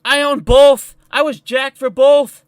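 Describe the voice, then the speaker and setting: A man's voice: very high-pitched, level tone, takes it slowly, dry recording. A man ranting heatedly on a live stream, profane and emphatic as he talks about stocks.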